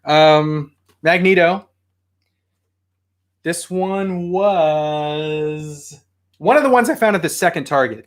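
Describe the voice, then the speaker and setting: A man casually showing off his new toy haul at home, chatty and excitable. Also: a little high. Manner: chatty, excitable, yells at his barking dog. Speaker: toy collector vlogger.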